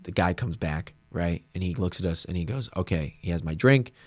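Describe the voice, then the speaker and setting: A young American man hosts a podcast, telling a story in casual chat and acting out the voices of its characters while laughing. He's animated, with a low voice and a slightly fast pace. The recording is dry and studio quality.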